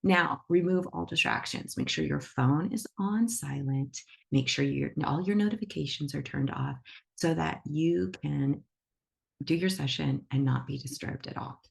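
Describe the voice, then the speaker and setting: A woman's voice: sits low, unhurried, gravelly, darkish tone. A woman teaching animal reiki to an online class over a video call, talking in an enthusiastic, emphatic and upbeat way. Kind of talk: instructional talk to an online class.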